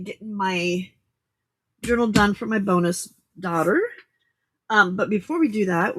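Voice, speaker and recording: A woman's voice: mid-range voice, a bit bright, husky. A woman hosting a late-night crafting livestream, chatting casually and giggling as she greets viewers by name, with a hint of a Southern drawl. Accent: Southern US drawl at times.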